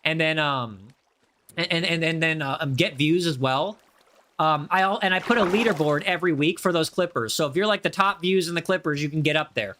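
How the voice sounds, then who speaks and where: A slightly high, bright and forceful male voice with an American accent, talking his way through a live game stream. He rambles, repeats phrases and restarts sentences, and breaks off to thank viewers in chat. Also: a little fast, slight background noise. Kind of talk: live gaming commentary.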